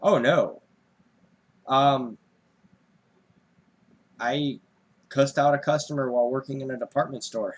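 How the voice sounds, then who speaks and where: A man's voice: mid-range voice, slow, long pauses. A young man co-hosting a casual chat, telling a story with swearing and sudden jumps in his voice when he acts out the scene. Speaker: podcast co-host.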